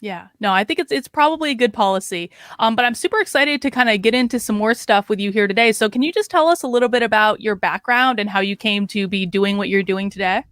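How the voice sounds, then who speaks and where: A woman's voice: mid-range voice, fast talker, hardly any pauses, fairly bright tone, no room sound, clean studio sound. A woman hosting a casual interview, upbeat and chatty as she welcomes and questions her guest. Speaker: host.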